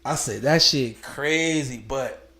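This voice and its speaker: A man's voice: mid-range voice, slow pace. A young man streaming, telling a story to his viewers in casual street slang and laughing often. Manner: animated, laughs a lot, slangy street talk.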